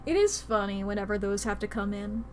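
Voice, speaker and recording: A woman's voice: medium pitch, animated, fairly quick, faint music behind. A woman streaming a video game, chatting playfully with her viewers and swearing now and then. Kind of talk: casual gameplay commentary.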